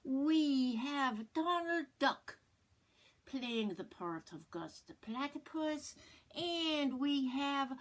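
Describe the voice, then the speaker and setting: A woman's voice: high voice, lively intonation, drawn-out words. An older woman reading a picture book aloud to children in a playful, jokey way. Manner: playful, jokey, hammy voices. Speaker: storyteller.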